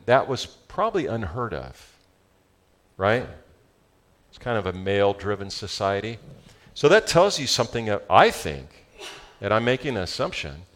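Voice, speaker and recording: A male pastor with a Southern California accent preaching a sermon, animated and joking with his congregation. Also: fairly low pitch.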